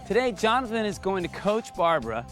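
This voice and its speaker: Male show host, lively, animated pitch, music underneath. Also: fairly quick. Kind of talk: upbeat presenter interviewing. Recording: background music.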